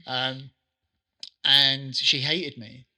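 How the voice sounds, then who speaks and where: A middle-aged man, a soccer trainer and interview guest, telling animated stories and acting out what people said. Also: medium pitch, extremely slow. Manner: animated anecdotes, acts out quotes. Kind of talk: casual interview storytelling.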